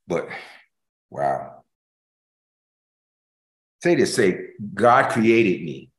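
A male pastor preaching with a lively, swooping pitch that rises and falls across each phrase. He hammers points home by repeating them and drops into near-whispers between louder bursts. His voice rings in a roomy, echoing space. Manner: emphatic preaching with repeated phrases, swinging between loud and hushed. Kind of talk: sermon.

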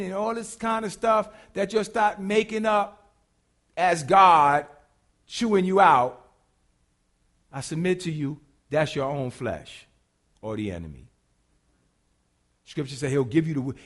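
A man's voice: sits high, a bit bright. A man preaching a sermon, colloquial and humorous, acting out quotes and asides as he teaches. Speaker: pastor.

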